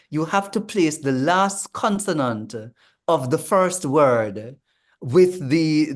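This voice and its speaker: A man, a language coach explaining in a panel discussion, measured and full of ums and restarts. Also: a little high.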